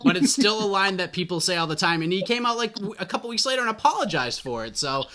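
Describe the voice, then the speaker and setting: A man's voice: high voice, expressive, fast talker, crowd noise. A young adult man hosting an interview, asking long, winding questions in a chatty, casual way. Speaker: MMA interviewer.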